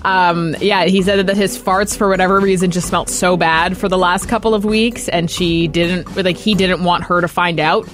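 A woman's voice: on the low side, steady tone, normal speed, few pauses. A woman co-hosting a radio show, telling a story in casual banter with fillers. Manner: chatty storyteller with fillers and laughs. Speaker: radio co-host. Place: radio studio.

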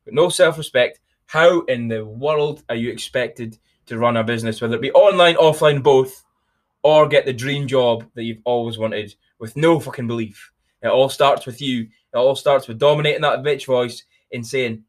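A man's voice: medium pitch, normal speed. A young man hosting a motivational podcast, talking bluntly and energetically with plenty of swearing. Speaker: podcast host.

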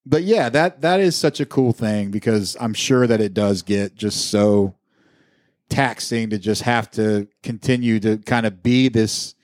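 A man's voice: lowish voice, measured pace, a little mellow, no room sound, clean studio sound. A man co-hosting a podcast, telling a long rambling anecdote with lots of fillers and casual swearing. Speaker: podcast co-host. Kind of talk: casual chat, storytelling.

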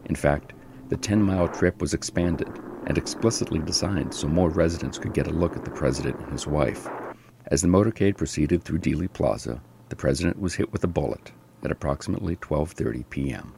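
A man hosting and narrating a history podcast in a slow, measured scripted storytelling delivery. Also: extremely low pitch, gravelly, noisy background.

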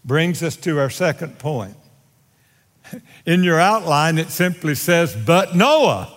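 A man preaching a sermon to his congregation, with a dramatic, drawn-out delivery and wry humor aimed at his listeners. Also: sing-song. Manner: dramatic, drawn-out delivery with bold swings in pitch and volume. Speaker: pastor. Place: church sanctuary. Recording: long hall reverb from a large sanctuary.

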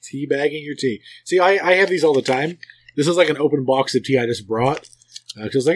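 A middle-aged man co-hosting a relaxed chat podcast, with a slightly higher-than-usual voice. He jokes around and laughs easily. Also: quick pace, a little hiss or hum. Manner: joking, laughs often. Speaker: podcast host. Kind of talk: casual chat.

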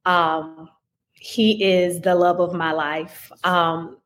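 Casting: woman in her thirties, guest voice, slow and deliberate delivery. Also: fairly low pitch, little pitch movement, fairly bright tone, a little hiss or hum. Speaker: podcast guest. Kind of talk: conversational interview.

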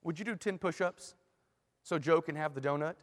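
Man voicing a stern professor, calm and deliberate, high-pitched, echoing hall. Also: lightly acted. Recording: long hall reverb.

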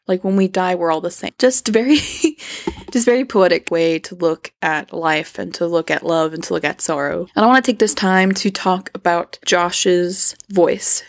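A woman's voice: lowish voice, steady tone, moderate pace. A young woman and singer, casually analyzing a rock song in a vlog, chatty and gushing with lots of "like" and "kinda". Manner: chatty, upbeat, filler-heavy with "like" and "kinda"; enthusiastic, gushing about the singer. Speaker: music reviewer breaking down a song; singer herself.

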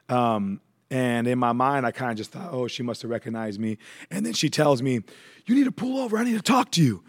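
Male guest, mid-pitched voice, casual storytelling with fillers. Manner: relaxed, conversational, with frequent fillers. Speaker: guest sharing his testimony.

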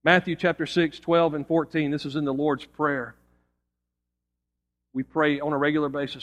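A pastor preaching a sermon and telling an illustration story in an earnest manner, often dropping low and quiet for emphasis. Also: male voice, level tone, normal speed.

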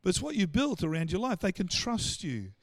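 A man with an Australian accent preaching a sermon, animated and full of stammered restarts as he acts out the voices of the people he quotes. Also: sits high, brisk, dry recording. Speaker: pastor.

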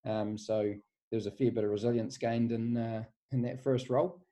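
A man's voice: medium pitch, steady tone, normal speed, mellow. A man in his forties with a New Zealand accent, a guest coach telling his story in a laid-back, rambling way and calling the host "mate" all the time. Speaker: guest, strength and conditioning coach. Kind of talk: casual podcast interview. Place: office.

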